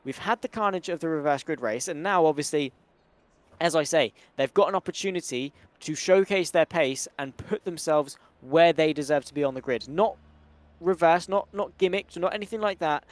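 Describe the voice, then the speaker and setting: A man commentating a sim racing broadcast, chatty and quick with slang. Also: a little high, no echo. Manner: brisk, chatty play-by-play with British slang. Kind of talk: live race commentary.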